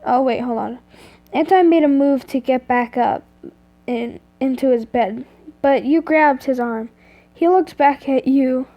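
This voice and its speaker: A woman's voice: high voice, a little slow, highs cut off. A woman reading a fan story aloud, often stumbling and correcting herself. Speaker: reader of fan fiction.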